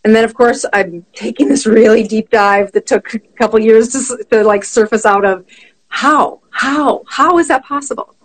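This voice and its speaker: Woman, middle-aged, physician guest, conversational storytelling, animated, laughs often, slightly high-pitched. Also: moderate pace, poor audio.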